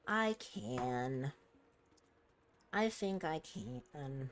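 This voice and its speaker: A woman commentates casually on her own video game stream in a playful, chatty way. Her pitch is lively, swinging up and down as she reacts. She talks to her viewers between bits of dialogue. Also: measured pace.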